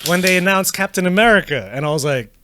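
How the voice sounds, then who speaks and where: A man's voice: high voice, animated, quick pace, noisy background. A man from Malaysia co-hosting a casual podcast chat, talking animatedly and swearing freely as he acts out reactions. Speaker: podcast co-host.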